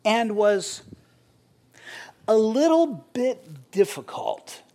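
High-voiced conversational male pastor. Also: big pitch swings, extremely slow, mellow. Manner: conversational, jokes with congregation. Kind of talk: sermon.

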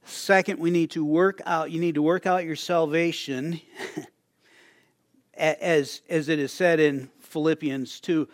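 A man's voice: a little high, no echo, studio quality. Older male pastor, chatty preaching. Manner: conversational preaching with frequent restarts and chuckles. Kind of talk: sermon.

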